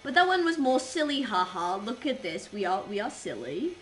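A woman's voice: mid-range voice, big pitch swings, moderate pace. A young adult woman streamer chatting casually while gaming, rambling and silly as she goes. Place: home streaming setup.

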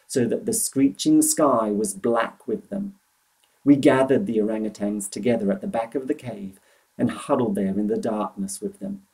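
A man reading a children's novel aloud in an expressive, animated storytelling manner. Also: mid-range voice, poor audio.

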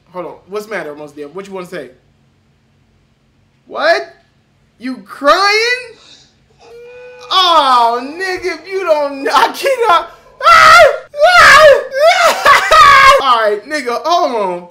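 High bright mocking young man. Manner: loud, mocking, cursing, bursts into shouting laughter. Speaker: reaction video host. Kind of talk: casual reaction commentary.

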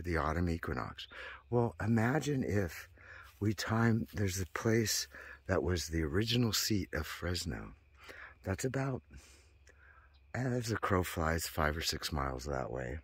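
Low husky man rambling on. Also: expressive, a little slow, dry recording. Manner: meandering, tangential, heavy on fillers. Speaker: vlogger. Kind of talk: rambling monologue to viewers.

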